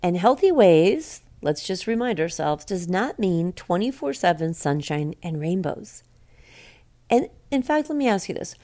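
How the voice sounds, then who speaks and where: Woman, middle-aged, warm dark voice, conversational solo host, earnest, asks questions. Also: mid-range voice. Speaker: podcast host speaking to cancer survivors. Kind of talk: reflective solo talk to listeners.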